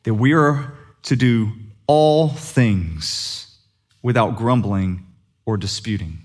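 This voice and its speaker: A man's voice: mid-range voice, slow, a little mellow. A man preaching a sermon as pastor, conversational and humorous, asking the congregation questions.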